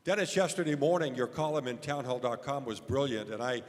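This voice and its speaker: A man's voice: medium pitch, fairly quick. A male radio host making an earnest, direct appeal for donations to a live audience. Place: large event hall on stage. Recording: long reverb in a big hall.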